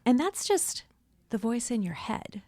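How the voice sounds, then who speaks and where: A woman's voice: on the high side, sing-song, unhurried, warm tone, dry recording. A woman co-hosting a podcast in casual chat, talking candidly and swearing now and then. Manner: candid, swears casually, acts out inner voices. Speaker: podcast co-host.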